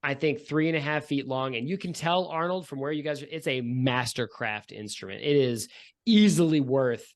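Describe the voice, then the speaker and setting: A man narrates as game master of a tabletop game, drifting through his descriptions with fillers and jokey asides. His voice sits at an ordinary middle pitch. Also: moderate pace. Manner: loose, rambling descriptions with many fillers.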